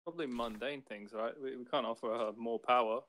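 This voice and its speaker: A man's voice: medium pitch, steady tone, fairly quick, fairly bright tone. A man playing a tabletop game, speaking casually and hesitantly. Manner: hesitant, with ums. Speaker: player.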